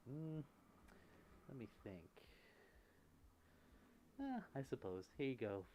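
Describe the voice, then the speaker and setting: A man hosting an ASMR livestream, answering viewer messages in a gentle, chatty way, close to the microphone. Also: medium pitch, wildly swooping pitch, slow, muffled recording. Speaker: livestream host.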